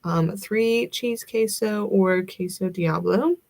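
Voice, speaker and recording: A woman's voice: mid-range voice, slow, vocal fry, a little mellow. A young adult woman with a Southern US accent, chatting casually with livestream viewers in a rambling, giggly way with lots of fillers. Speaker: livestream host.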